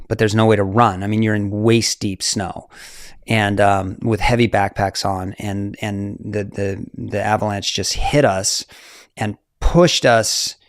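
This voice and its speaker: A man's voice: lowish voice, dry recording. Man, forties, mountaineer guest, casual storyteller, dry recording. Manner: animated, fillers, laughs often.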